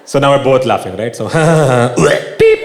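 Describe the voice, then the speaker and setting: Animated male comedian. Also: medium pitch, measured pace, vocal fry. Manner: animated, laughs at his own jokes. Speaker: stand-up comedian. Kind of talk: stand-up comedy. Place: large theater stage. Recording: echoey theater with live audience. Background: audience laughter and crowd noise.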